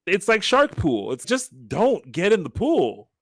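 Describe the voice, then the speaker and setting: Animated, lively-voiced male podcast co-host. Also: sits high, measured pace, no room sound, clean studio sound. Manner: animated storyteller who acts out quoted lines. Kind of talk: casual chat.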